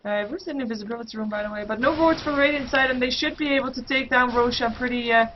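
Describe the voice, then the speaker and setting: Female game caster, fairly high voice, fast play-by-play, muffled lo-fi stream audio, faint hiss. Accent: Dutch. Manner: rapid play-by-play, excited bursts in fights, many fillers. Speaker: esports caster. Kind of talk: solo play-by-play game commentary.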